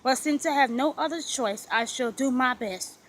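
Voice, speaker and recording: Storybook heroine: young wife, tender, soft-spoken, voiced by a woman reader. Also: high voice, normal speed, a little hiss or hum, low-quality recording.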